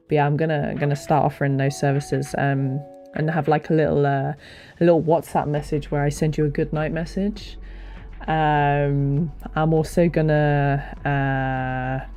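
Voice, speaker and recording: A young woman streamer with a deep voice, chatting casually into a desk mic on a stand, rambling and self-deprecating with lots of fillers and restarts. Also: warm tone. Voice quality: low, deep voice. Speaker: streamer and hobby voice actor. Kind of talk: casual livestream chat. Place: home streaming setup.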